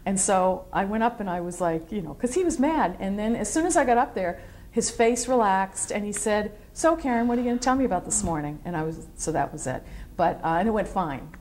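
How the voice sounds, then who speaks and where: Brisk and barely pausing, a middle-aged woman with a mid-range voice remembers her military service in an oral history interview, over a little hiss or hum. She tells her stories vividly, drifts into digressions, and plays out what others said.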